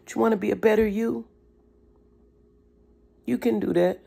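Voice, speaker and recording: Gravelly, preachy motivational talker. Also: mid-range voice, fairly even intonation, normal speed, warm tone. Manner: preachy, emphatic, casual slang. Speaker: motivational speaker. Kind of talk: motivational talk.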